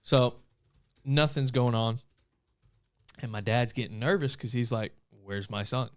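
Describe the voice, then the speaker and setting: A man's voice: mid-range voice, unhurried. A young man co-hosting a casual podcast chat, telling a rambling story with many restarts. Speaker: podcast co-host.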